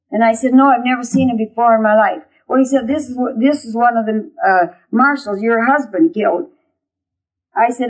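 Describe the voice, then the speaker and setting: Older woman, folksy personal testimony, uh fillers, acted-out dialogue, fairly high voice. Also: darkish tone, rough recording. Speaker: storyteller recounting her own arrest.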